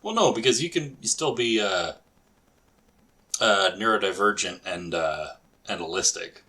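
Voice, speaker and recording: A man's voice: on the low side, expressive, unhurried, pushed and bright. A man co-hosting a podcast in casual chat, crude and joking, swearing freely. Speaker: podcast co-host and storyteller.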